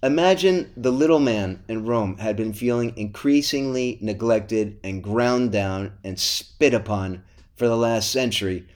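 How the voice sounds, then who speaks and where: A man hosting a history podcast, telling the story in a lively, playful way and teasing his co-host. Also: fairly low pitch, unhurried. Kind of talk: casual history podcast chat.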